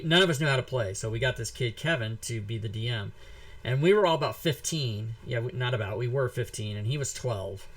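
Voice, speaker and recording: Male talk show host, forties, lively profane storyteller, mid-pitched voice. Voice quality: animated, profane, shouts when reenacting. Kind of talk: casual storytelling and giveaway.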